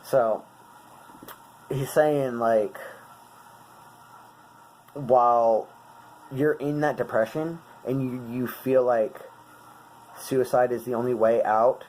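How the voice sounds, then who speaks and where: A man in his twenties, talking earnestly and haltingly as a vlogger, searching for his words. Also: mid-range voice, fairly even intonation, darkish tone, slight background noise, low-quality recording. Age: 20s. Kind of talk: casual talk explaining song lyrics.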